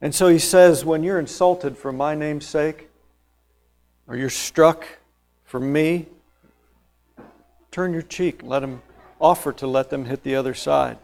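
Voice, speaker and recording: A male preacher with a slightly higher voice, delivering a sermon that walks through scripture verse by verse. He presses key phrases with rising force, then drops back to quieter explanation. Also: a little slow, creaky, pauses often. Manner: emphatic, rising to loud stressed phrases then dropping low.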